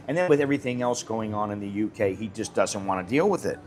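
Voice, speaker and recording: A man's voice: on the low side, animated, fast, hardly any pauses, darkish tone. American guy rambling on his livestream, blunt, swears a bit, faint music behind. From United States. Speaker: live-stream host. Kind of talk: casual live-stream chat.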